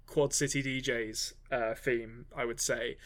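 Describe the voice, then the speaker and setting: A man's voice: mid-range voice, fairly even intonation, a little slow, a bit bright. A man co-hosting a movie podcast, talking casually with lots of restarts and ums. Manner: rambling, many restarts and ums. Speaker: podcast co-host. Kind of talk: casual movie review chat.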